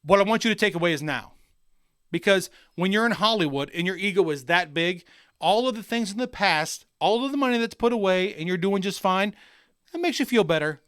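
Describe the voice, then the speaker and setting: A man co-hosting a casual podcast, talking crudely and excitably in loose, rambling banter. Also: high voice, fairly quick, clean tone, no echo, clean studio sound. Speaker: podcast co-host.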